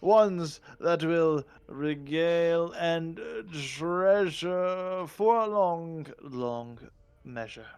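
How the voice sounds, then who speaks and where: A man's voice: on the high side, a little mellow, clear, resonant tone, no room sound, pitched above the performer's own voice. A man playing a pompous goblin king, drawn out and grand. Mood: grandiose. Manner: grandiose, drawn-out regal speech.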